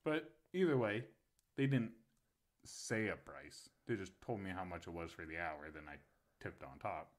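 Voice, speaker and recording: A man's voice: deep voice, expressive, moderate pace. A young man and podcast co-host telling a crude story in casual chat, laughing often.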